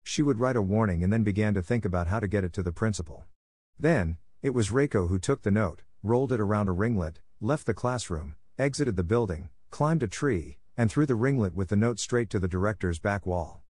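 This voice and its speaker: A man narrating a fan-fiction story in a steady, evenly paced scripted read. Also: fairly low pitch, brisk, no echo.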